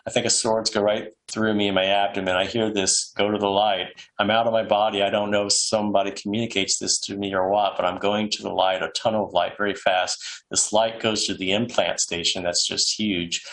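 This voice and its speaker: A man's voice: fairly low pitch, flat delivery, brisk, fairly bright tone, low-quality recording. A man casually reading quoted accounts aloud, with frequent ums and restarts. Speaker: presenter reading case accounts.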